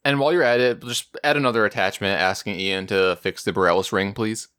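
A man's voice: lowish voice, a little fast, a bit bright, clear, resonant tone. A man co-hosting a podcast who rambles through stories and reads out listener email. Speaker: podcast co-host. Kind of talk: casual chat, reading listener email.

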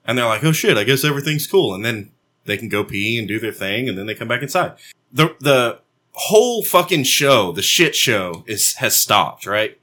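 A man in casual chat, telling an animated story full of swearing and acted-out voices. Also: lowish voice, normal speed. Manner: animated storyteller, mimics dogs and himself yelling, swears a lot.

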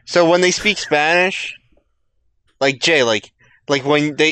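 A man in casual banter with a bright, crisp voice that sits a little higher than most. He argues his points quickly and offhandedly. The recording is dry and close. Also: no room sound. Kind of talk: casual chat.

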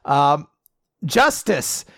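A young man with a fairly high voice talks casually as a podcast co-host, recapping a show and slipping into goofy voices for the characters. The sound is close and dry, with no room around it. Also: sing-song, extremely slow, vocal fry, bright, forceful tone, no echo. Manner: jokey, acts out quoted lines in silly voices. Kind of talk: casual chat.

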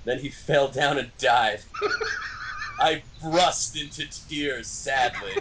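A man's voice: a little high, wildly swooping pitch, very slow, noisy background. A man co-hosting a comedy podcast, reading a silly story aloud and often breaking into laughter. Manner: reads with bursts of laughter. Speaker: podcast co-host.

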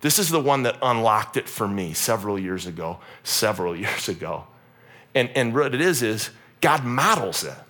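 A pastor in his forties preaching a humorous, animated sermon in a church. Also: lowish voice, moderate pace. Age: 40s. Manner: animated, humorous, acts out quotes.

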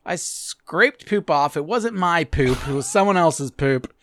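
A man's voice: fairly high pitch, lively intonation, a little slow, a bit bright. A man hosting a podcast, chatting loosely and rambling with lots of swearing and laughs. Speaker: podcast host. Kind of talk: casual profane chat.

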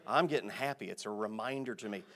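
A male pastor preaches a sermon in a fairly low voice at a fast pace. He speaks emphatically, swinging between quiet asides and loud, stressed phrases.

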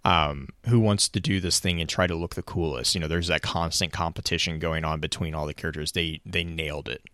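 A man with a low, deep voice chats casually as a podcast co-host. He talks with enthusiasm, restarting his sentences often as his thoughts run ahead. The sound is dry and close. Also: steady tone, fairly quick, a bit bright, dry recording. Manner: enthusiastic, rambling with frequent restarts. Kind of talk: casual chat.

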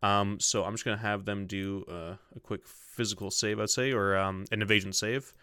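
A man's voice: fairly low pitch, steady tone, moderate pace, pushed and bright, clean tone, dry recording, clean studio sound. A man running a tabletop role-playing game as game master, describing the scene and rules with many fillers and asides to himself. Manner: many fillers, mutters to himself while setting things up.

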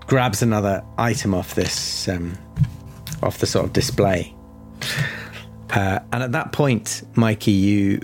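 A man running a tabletop horror game as game master, narrating with many pauses and restarts. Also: fairly low pitch. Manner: hesitant, many fillers and restarts.

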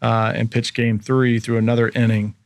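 A man's voice: mid-range voice, little pitch movement, normal speed, no room sound. A man in his thirties, a former pro athlete as podcast guest, telling a long story casually and acting out the people he quotes.

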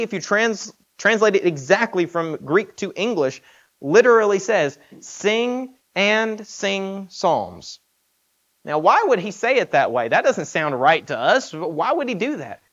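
A man's voice: sits high, a bit bright, dull audio. A man preaching a sermon in an earnest, emphatic way, asking rhetorical questions.

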